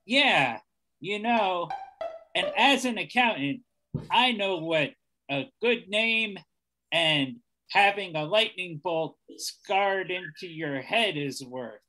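A man's voice: high voice, animated, takes it slowly, sharp tone, faint music behind. A man performing improv comedy on a video call, playful and jokey. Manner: playful, jokey, breaks into laughs.

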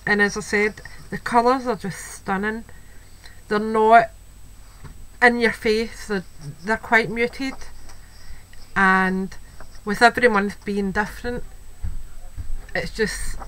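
Slow, chatty Scottish woman. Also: medium pitch, fairly bright tone, poor audio. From Scotland. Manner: chatty, gushing, many "wee"s and "um"s. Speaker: crafting video host. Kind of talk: casual show-and-tell. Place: home, a child heard in the background. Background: faint household noise.

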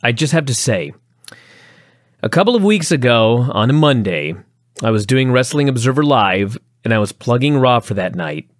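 A man co-hosting a wrestling review podcast rants animatedly in casual chat, his pitch swinging widely. He speaks at a moderate pace, and the clean studio sound has no echo.

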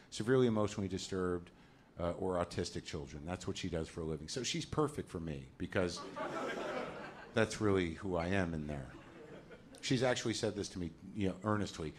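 A man in his forties doing a stand-up comedy set on a club stage, talking in a neurotic, ranting way and loudly acting out voices. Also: low-pitched, fairly quick. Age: 40s.

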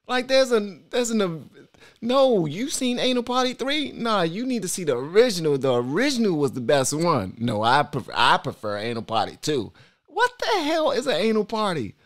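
A man hosting a reaction video, talking in an animated, swearing, exclaiming way. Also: sits high, normal speed. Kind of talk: casual reaction commentary.

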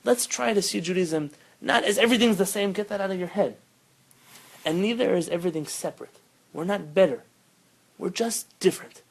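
A man, a rabbi, teaching an informal Torah class, telling stories with lively bursts of emphasis and sprinkling Hebrew terms into his English. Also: high-pitched, fairly quick, creaky, slightly rough, poor audio. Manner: animated storytelling, rising loud when quoting.

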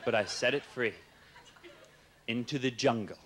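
Young Canadian man, hesitant deadpan comic, mid-pitched, live club recording with room noise. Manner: halting, hesitant, many uhs and restarts. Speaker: stand-up comedian. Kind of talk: deadpan stand-up set. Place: comedy club stage with audience laughing.

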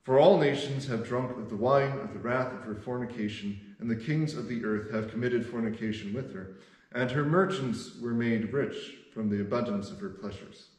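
A man voicing a mighty angel who cries out a loud proclamation of judgment, read aloud in a church devotional. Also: medium pitch, normal speed, reverberant, lightly acted, poor audio. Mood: proclaiming.

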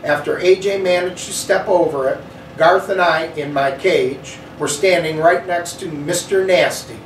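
A man reading a children's chapter book aloud in an expressive, animated way. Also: a little high, a little slow, a little hiss or hum. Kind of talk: storybook read-aloud. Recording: echoey room, slightly distant mic.

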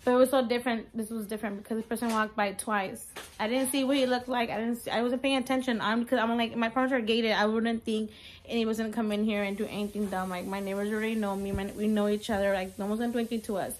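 Fast-talking young woman, near tears. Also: on the high side, fairly even intonation, a little hiss or hum. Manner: rambling, many "like" fillers, mixes in Spanish words. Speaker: vlogger. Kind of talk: emotional storytime vlog.

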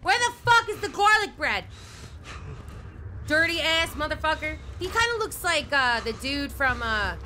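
A young adult woman streamer giving loud live commentary on a horror game, swearing often and yelping and screaming. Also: sits high, sing-song, measured pace, slight background noise. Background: game music.

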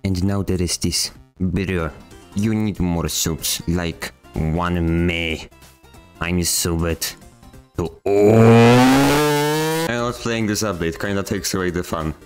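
A man hosting his channel, reading viewer comments aloud and mocking them with deadpan, slangy sarcasm. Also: low voice, slow, soft background music. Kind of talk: comedic comment-reading vlog.

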